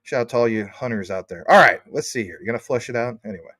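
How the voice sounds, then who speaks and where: A man's voice: mid-range voice, animated, fast talker, fairly bright tone, no room sound, clean studio sound. A man hosting a casual livestream, rambling enthusiastically and greeting viewers by name as he reads their comments. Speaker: crypto livestream host.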